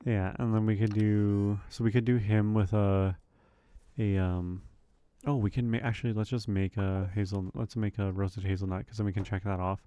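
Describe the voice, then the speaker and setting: A man's voice: lowish voice, flat delivery, moderate pace, warm tone, smooth, dull audio. A man casually commenting on a farming game as he plays, thinking aloud with frequent ums and questions to himself. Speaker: let's play host.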